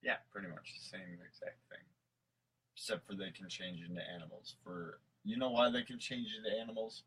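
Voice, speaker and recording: On a low-quality recording, a podcast co-host with a lowish, husky, slightly bright voice talks fairly quickly in a level tone. He's tipsy on mead, goofy and rambling, swearing and laughing a lot while reading off a list between jokes.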